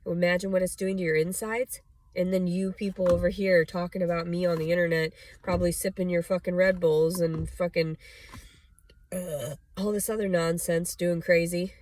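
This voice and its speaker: A young adult woman speaks in a low register, rambling through a personal monologue with constant fillers and blunt swearing. The recording is dry and close, with almost no room sound. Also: darkish tone, dry recording. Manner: rambling, frequent "like" and "you know", blunt and profane. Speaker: vlogger.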